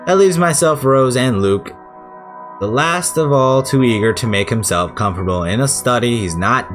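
Male let's-player; chatty, irreverent, swears, animated mid-pitch voice. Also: moderate pace, music in the background. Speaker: gamer. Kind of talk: casual let's-play commentary.

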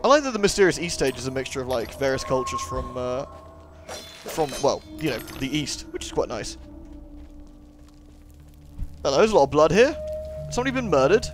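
A man's voice: medium pitch, big pitch swings, brisk, pauses often. A man casually commentating his gameplay, chatty and rambling with jokey asides. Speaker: let's play host. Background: game music.

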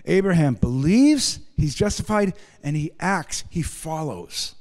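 High-voiced preaching man, echoing church. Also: lively intonation, measured pace. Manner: emphatic preaching, swinging between loud rising stresses and quiet low asides; adds wry humorous asides. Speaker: pastor. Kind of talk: sermon. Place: church sanctuary. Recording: long hall reverb in a church.

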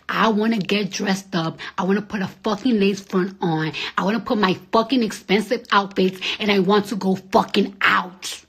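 A young woman from the New York area talking to viewers on a phone live stream, rambling and swearing, swinging between loud outbursts and near-whispers. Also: mid-range voice, normal speed, few pauses, slightly rough. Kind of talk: casual live-stream rant.

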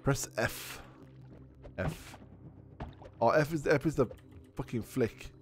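A man giving casual let's play commentary while thinking aloud, excitable and swearing often. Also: mid-range voice, slow, soft background music. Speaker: gaming video creator.

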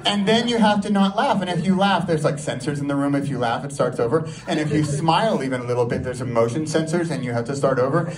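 Guy doing his first standup set, kinda high voice, rambly and laughing at himself, mic far off. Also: fast talker, few pauses, a crowd in the background. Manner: rambling, self-mocking, laughs at his own jokes. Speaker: stand-up comedy student performing a first set. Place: small comedy venue with a live audience. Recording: distant mic with audience noise.

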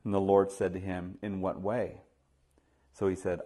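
Pastor guy with a lowish voice, preaching, tells stories and acts out the lines, lots of "you know". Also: level tone, moderate pace, long pauses. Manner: storytelling, acts out dialogue, rises loud and high when stressing points; many fillers like "you know". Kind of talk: sermon.

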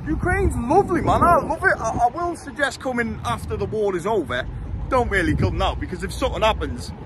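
A young man chats to his camera as he walks city streets, blunt, jokey and quick to swear. His voice sits high for a man, and traffic and street noise carry clearly behind him. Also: lively intonation. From England. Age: 20s. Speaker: travel vlogger. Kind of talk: casual walking vlog.

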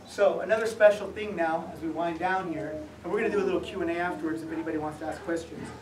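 A middle-aged man giving an author talk at a museum, speaking conversationally with gentle humor and some restarts. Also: a little high, fairly even intonation, quick pace, slight background noise. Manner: conversational, self-deprecating humor, frequent restarts. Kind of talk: public talk with slides. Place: museum event room. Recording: echoey room, mic at a distance.

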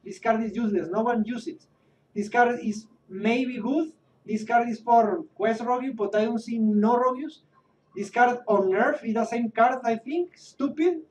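A man's voice: very high voice, normal speed. A man vents his exasperation, repeating himself, cursing and restarting his sentences. He sounds a little far from the mic, with a faint hum in the background. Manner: exasperated, repetitive, swearing, restarts often. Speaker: Twitch streamer. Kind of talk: rant about a card game.

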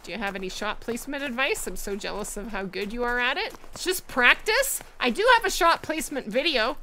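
A woman's voice: a little high, animated, brisk, pushed and bright, slight background noise. A woman streaming a hunting game live, chatting casually, thanking viewers and often laughing. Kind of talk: live gameplay stream chat.

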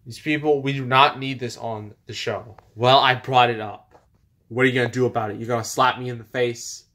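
A man's voice: mid-range voice, fairly even intonation, fairly quick, a bit bright, lightly acted. A man voicing a defiant male pro wrestler in a fan parody skit, lecturing and mocking his rival. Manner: mocking, lecturing put-downs.

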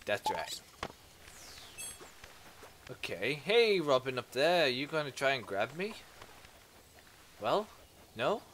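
A man giving casual let's play commentary, playfully talking to game creatures and breaking into excitable exclamations. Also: mid-range voice, slow, long pauses, a little hiss or hum.

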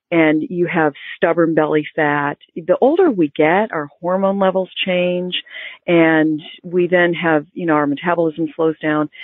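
A woman health expert explaining diet in an interview, informative and measured. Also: deep voice, dry recording. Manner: explanatory, informative, with some restarts. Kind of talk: interview answers. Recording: phone-like, dry line.

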